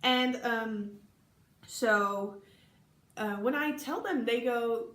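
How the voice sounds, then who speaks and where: A woman's voice: a little high, drawn-out words, a bit bright. A young woman from the Netherlands with a Dutch accent, casually telling funny stories from her exchange year, chatty and giggly with many ums. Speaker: vlogger recalling an exchange year. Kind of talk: casual storytelling to camera. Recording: echoey room.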